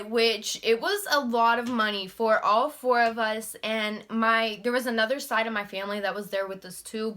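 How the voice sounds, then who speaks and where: A young woman casually telling a story to her camera, animated and swearing freely. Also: on the high side. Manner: animated, swears freely, mimics shocked voices.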